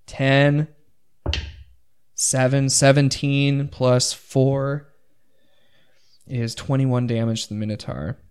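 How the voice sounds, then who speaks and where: A man narrating a tabletop game as game master, counting dice rolls aloud with excitement. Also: mid-range voice, takes it slowly, pauses often, clean tone.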